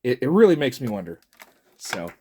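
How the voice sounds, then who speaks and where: Speaking at a normal speed in a medium-pitched, sing-song voice, a middle-aged man jokes around as a toy reviewer. His casual chat rambles and is packed with fillers, and background noise can be heard.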